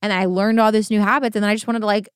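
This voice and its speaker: A woman co-hosting a casual podcast chat, gushing and animated, swearing now and then. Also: mid-range voice, very fast, clean tone, no room sound, clean studio sound. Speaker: podcast co-host.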